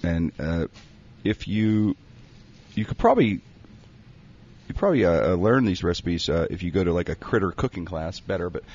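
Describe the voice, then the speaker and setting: A man with a low, husky voice delivers a rambling comedic bit, his pitch leaping around as he jokes. The recording is dull and lo-fi. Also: expressive, moderate pace, pauses often, darkish tone. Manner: rambling, jokey, breaks into laughter. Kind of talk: comedic banter, reading a recipe aloud.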